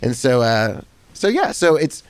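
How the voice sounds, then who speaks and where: A middle-aged worship leader and music teacher talks in a smooth, medium-pitched voice at a measured pace. His chat is relaxed and animated, sprinkled heavily with "dude" and "like."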